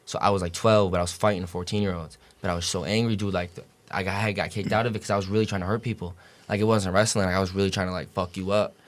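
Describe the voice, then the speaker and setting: In a casual podcast interview, a young adult college basketball player spins rambling stories fast, his low voice fairly even. Slang and heavy cursing run throughout, along with plenty of "you know what I'm saying" fillers.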